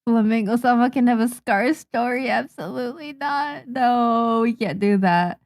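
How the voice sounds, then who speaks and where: A young Japanese woman, a manga artist, chatting casually on a livestream while she draws, muttering and calming herself down. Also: on the high side, moderate pace. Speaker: manga artist streaming her drawing.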